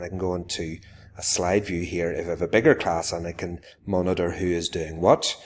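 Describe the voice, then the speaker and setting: A low-pitched man with a lilt, teaching in a live lesson demonstration. He walks viewers through what he is doing, then turns and addresses his pupils in a brighter, encouraging tone. A faint hum of background noise sits under his voice. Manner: explains to viewers, then calls out warmly to pupils.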